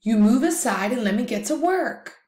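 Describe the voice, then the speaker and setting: A woman plays a cocky male coyote from a storybook who barks orders at the other animals. His voice sits higher than the narration and comes out sharp and insistent. The room around him rings a little. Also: lively intonation, moderate pace, echoey room, close to an everyday voice. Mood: bossy. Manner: bossy, sharp commands. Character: bold, stubborn male coyote hero.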